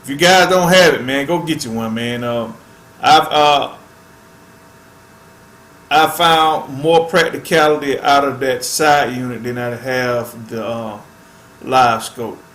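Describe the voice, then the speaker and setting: A man's voice: mid-range voice, fairly even intonation, slow pace, fairly bright tone, reverberant. A man hosting a fishing channel, chatting casually to viewers in a laid-back way and tacking "man" onto nearly every phrase.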